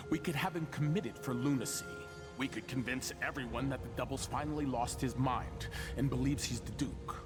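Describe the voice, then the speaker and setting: A man voicing a scheming ducal body double, smooth, wry and confident. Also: medium pitch, lightly acted. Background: game music.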